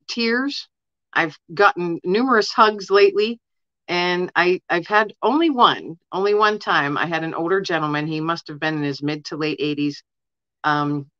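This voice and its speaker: A woman's voice: fairly low pitch, bright, forceful tone, dry recording, dull audio. A woman guest in an interview, earnestly telling personal stories in a casual way and often saying "you know". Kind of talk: casual storytelling.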